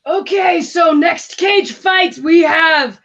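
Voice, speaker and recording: A woman voicing a young male cage-fight announcer who smokes and has a rough, gravelly voice, shouting announcements over dull, lo-fi audio. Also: very high voice, slow pace, pitched above the performer's own voice, exaggerated voice. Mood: announcing.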